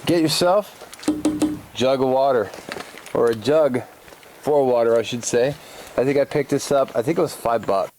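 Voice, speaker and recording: A man's voice: mid-range voice, moderate pace, pauses often, a little mellow. Plainspoken man in a noisy video. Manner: rambling, plainspoken, self-correcting. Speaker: camping video maker. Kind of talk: casual how-to video.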